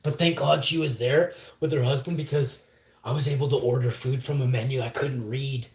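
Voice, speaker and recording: A man rambles through loose anecdotes on a stream, cursing casually and losing his thread. His voice sits at an ordinary middle pitch. The room gives it a noticeable echo. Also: steady tone, normal speed. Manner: meandering, profane, trails off mid-sentence. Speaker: livestreamer. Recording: roomy echo.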